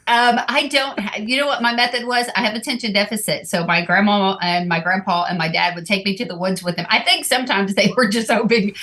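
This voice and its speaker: Bright-voiced woman telling stories. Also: mid-range voice, fairly quick, hardly any pauses. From Indiana, raised in Kentucky. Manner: lively, laughing storyteller. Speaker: comedian guest. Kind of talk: casual podcast storytelling.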